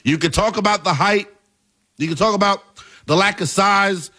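A man in his twenties hosting a sports talk show, delivering emphatic, hyped commentary that rises into shouts at its peaks. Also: sits high, moderate pace. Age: 20s.

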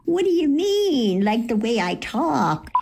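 A woman's voice: fairly high pitch, sing-song, slow, vocal fry. An older woman, a host's mother, reading movie lines at home, giggly and unbothered. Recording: noisy home recording.

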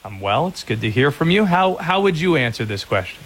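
Upbeat sports radio host. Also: male voice, fairly high pitch, very animated, brisk, fairly bright tone, slight background noise. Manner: upbeat, joking, laughs easily. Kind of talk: radio talk show.

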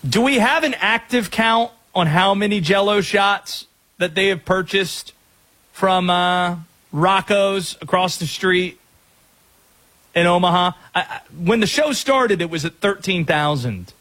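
Husky, upbeat radio sports host man. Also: high voice, fairly bright tone. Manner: upbeat, joking, quick asides. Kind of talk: call-in sports talk show.

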